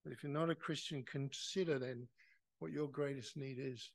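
A man preaching a sermon in church. He is impassioned, asks rhetorical questions and builds to loud, emphatic peaks. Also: mid-range voice, steady tone, normal speed, vocal fry. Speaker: pastor.

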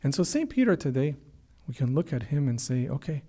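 Man preaching a warm, earnest sermon. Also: sing-song, fairly quick, husky. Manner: earnest, repeats words, voices quoted prayers with rising pitch. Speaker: priest.

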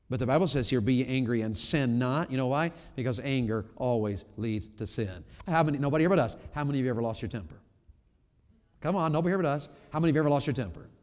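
A man preaching a sermon in a church, swinging between loud emphatic peaks and low quiet asides. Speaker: pastor. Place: church sanctuary. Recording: long reverb of a large church hall.

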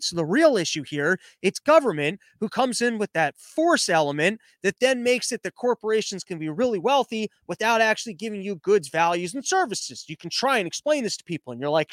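A man's voice: sits high, big pitch swings, fairly quick, few pauses, fairly bright tone, no echo. A man hosting a podcast, ranting through political commentary in a sarcastic, profane, mocking way. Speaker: podcast host.

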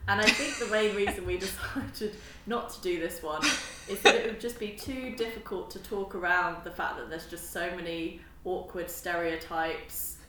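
A woman's voice: lowish voice, steady tone, moderate pace, few pauses, roomy sound, noisy background. A woman co-hosting a podcast at home, chatting casually, laughing often and mimicking other voices. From Britain. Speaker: podcast co-host. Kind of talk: casual chat. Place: home living room.

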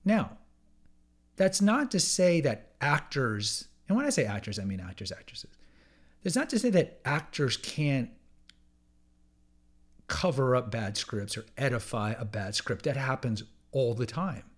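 A man talking through his own podcast episode in a loose, conversational monologue. He leans hard on his main points and repeats phrases for emphasis. He often restarts mid-sentence, and his voice sits at an ordinary middle pitch. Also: very animated, a little slow. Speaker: podcast host.

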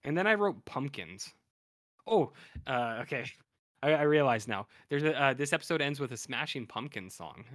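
A man's voice: mid-range voice, animated, normal speed, fairly bright tone, no echo, studio quality. A man co-hosting a podcast in casual chat, animatedly retelling episodes and acting out what characters say. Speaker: podcast co-host.

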